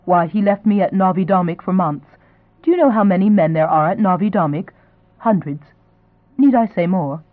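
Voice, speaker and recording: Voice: mid-range voice, normal speed, no room sound, natural voice. A reader voicing a guarded young mother. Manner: clipped, defensive. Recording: dry, thin phone-like sound.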